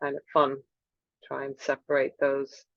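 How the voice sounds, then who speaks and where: Woman yoga teacher, calm unhurried guidance, dry close sound, a touch muffled. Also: a bass voice, vocal fry, no echo. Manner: gentle, unhurried guiding. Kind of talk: guided movement class. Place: room with wooden floor.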